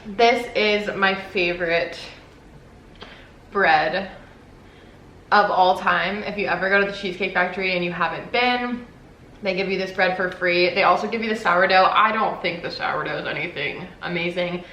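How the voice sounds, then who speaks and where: Bright-voiced young woman chatting while eating. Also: on the low side, moderate pace. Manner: chatty, eats while talking, swears casually. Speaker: YouTuber. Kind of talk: casual mukbang chat. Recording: roomy echo, faint background noise.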